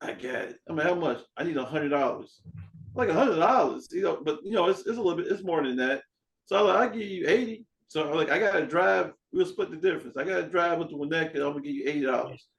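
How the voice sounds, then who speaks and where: A man hosting a podcast in casual chat, an animated storyteller who acts out dialogue and swears freely. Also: a little high, quick pace, gravelly, low-quality recording. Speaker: podcast host.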